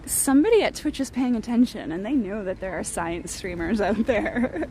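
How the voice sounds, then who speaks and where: A woman streaming live as she walks outside a building, excitable and gushing, laughing often as she greets her chat and points things out. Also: mid-range voice, moderate pace, a little hiss or hum. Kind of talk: casual live-stream chat while walking. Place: outdoors beside a gallery building.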